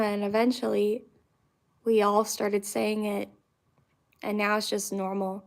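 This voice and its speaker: A woman's voice: medium pitch, little pitch movement, a little slow, creaky, pauses often. A young woman from Florida chatting casually to her viewers, rambling with lots of fillers and restarts. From Central Florida, US. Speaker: vlogger. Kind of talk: casual chat to camera.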